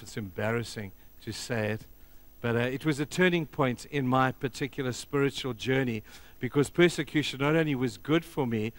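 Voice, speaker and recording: Delivering a sermon as pastor, a middle-aged man tells emphatic stories that swing from loud to hushed. His pitch is medium, and there's no room sound.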